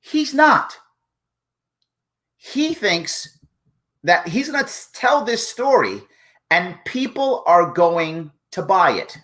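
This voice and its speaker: Brief: male host, sarcastic live commentary, lively and expressive intonation. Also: high-pitched, slow pace, long pauses. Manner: sarcastic, mocking. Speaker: show host. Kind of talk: live commentary on a news clip.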